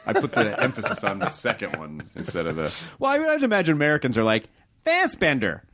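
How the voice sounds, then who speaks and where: A man hosting a comedy podcast, joking in quick banter with his guests and wrapping up the episode. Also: on the low side, wildly swooping pitch, fairly bright tone. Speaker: podcast host. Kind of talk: casual comedy podcast chat.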